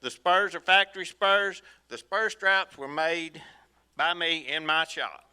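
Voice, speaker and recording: A middle-aged man with a Louisiana accent, an auctioneering student calling bids in a rapid, repetitive auction chant at a sale in an auction hall. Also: a little high, sharp tone, clear, resonant tone.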